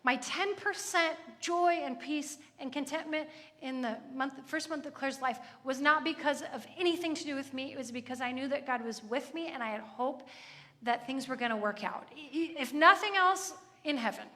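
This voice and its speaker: A woman's voice: sits high, moderate pace, sharp tone. A woman in her thirties giving a chatty, earnest sermon with lots of asides. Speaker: church speaker. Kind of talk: conversational sermon. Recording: echoey hall.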